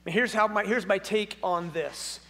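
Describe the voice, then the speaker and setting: A man's voice: high-pitched, normal speed, sharp tone, in a large hall. A male pastor giving a sermon in a church, speaking conversationally, asking the audience many questions, and adding touches of humor. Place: church sanctuary.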